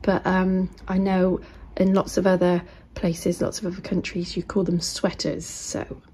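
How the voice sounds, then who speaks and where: A British woman vlogging casually as she shows craft items to the camera. She chats easily and often drops into soft, half-whispered asides. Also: fairly low pitch, completely flat delivery, measured pace, slight background noise. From United Kingdom.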